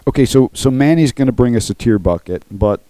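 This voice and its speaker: A man's voice: mid-range voice, expressive, fairly quick, mellow, dry recording, low-quality recording. A man preaching a sermon in an earnest, emphatic way, often checking in with his listeners. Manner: earnest, emphatic, repeats "okay?" to the congregation. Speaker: pastor.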